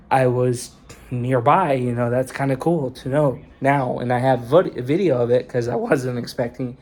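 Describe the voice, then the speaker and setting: A young man vlogging from indoors, his pitch sitting right in the middle for a man. He tells his story in a loose, rambling way, full of swearing and filler words like "you know" and "dude.". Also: a little mellow. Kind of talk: casual vlog storytelling. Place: indoors in a rented room.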